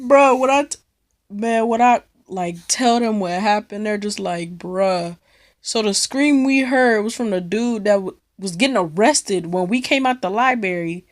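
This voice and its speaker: A woman's voice: mid-range voice, normal speed. A young woman from Cleveland telling a rambling, slang-filled story in a casual vlog, swearing freely. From Cleveland, United States. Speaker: vlogger.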